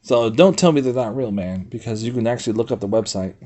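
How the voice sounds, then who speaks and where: A man's voice: medium pitch, quick pace. A man streaming, rambling casually to chat. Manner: rambling, reads website aloud, talks to chat; swears freely, animated outbursts.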